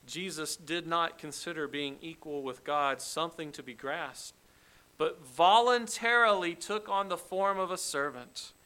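A man's voice: high voice, bright, forceful tone. A man preaching an expository sermon, emphatic and dramatic, acting out the quoted lines with rising force. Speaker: pastor.

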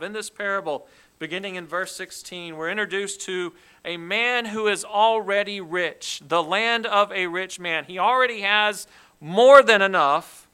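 Slow, bright-voiced male preacher. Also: high-pitched, clean tone, poor audio. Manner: deliberate, emphatic expository preaching. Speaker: pastor. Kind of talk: sermon.

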